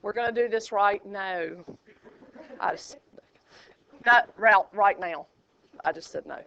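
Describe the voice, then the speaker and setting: A woman teaching a high school math class, chatty and joking, quizzing her students as she goes. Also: slow, gravelly, bright, forceful tone, dull audio, slight background noise. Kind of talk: classroom lecture.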